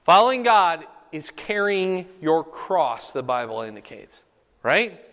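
A man preaching a Bible lesson in a high, bright, ringing voice. He is emphatic and keeps asking his class "okay?". The hall carries a long reverb. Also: big pitch swings, measured pace. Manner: emphatic, asks the room "okay?" and "right?". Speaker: pastor teaching a Bible class. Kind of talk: sermon-style Bible teaching.

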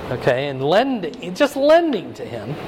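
Man, pastor, high voice, bible study, conversational, faint background noise. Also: wildly swooping pitch, measured pace. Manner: conversational, checks in with "okay?". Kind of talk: verse-by-verse Bible teaching.

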